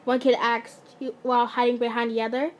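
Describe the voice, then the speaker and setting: A woman's voice: fairly high pitch, flat delivery, brisk, a little hiss or hum. A woman casually reading fan fiction aloud, often stumbling, restarting and breaking off to joke.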